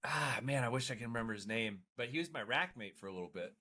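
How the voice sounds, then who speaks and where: A man's voice: medium pitch, animated, quick pace, pushed and bright. A man, a Marine veteran guest on a podcast, telling stories in casual chat, swearing freely, laughing along and restarting his words often.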